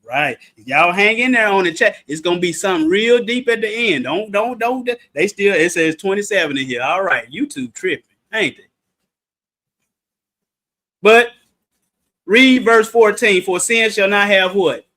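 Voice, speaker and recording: High, bright-voiced man teaching scripture. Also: a little slow. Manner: animated, playful, calls on listeners; sudden shouted emphasis. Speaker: Bible study teacher. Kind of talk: livestreamed Bible study teaching.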